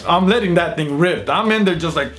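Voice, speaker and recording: A man hosting his own channel, telling a funny personal story in a casual, animated, self-mocking way. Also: fairly high pitch, brisk. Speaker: YouTube channel host.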